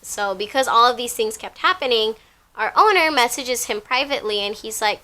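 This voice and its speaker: A young woman casually retelling a workplace story, chatty and animated, with lots of filler words. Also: on the high side, moderate pace. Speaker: storytime vlogger.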